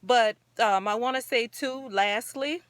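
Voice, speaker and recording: A woman's voice: on the high side, measured pace, a bit bright, no room sound. A woman hosting her own talk show, speaking earnestly and encouragingly in a rambling, casual way. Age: adult parent. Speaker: show host.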